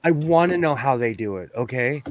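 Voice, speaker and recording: Animated, rambling man chatting while sewing. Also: mid-range voice, brisk, a little hiss or hum. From US West Coast. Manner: rambling, animated, laughs often. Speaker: sewing livestream host. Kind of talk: casual chat while sewing.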